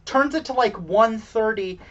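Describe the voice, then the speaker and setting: A woman with a fairly high, somewhat bright voice walks through a movie's plot in a casual, halting way, peppering it with fillers and putting herself down. The audio is dull and lo-fi.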